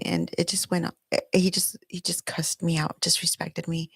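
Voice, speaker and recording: At home on video, a middle-aged woman opens up on her podcast, telling a personal story candidly and with emotion as a confessional monologue. Her lowish voice has a breathy edge and little pitch movement, she talks at normal speed, and the recording is dry.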